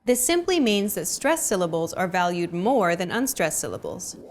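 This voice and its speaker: A woman's voice: lowish voice, big pitch swings, normal speed. A woman hosting a language lesson, giving scripted, encouraging explanations in an upbeat way.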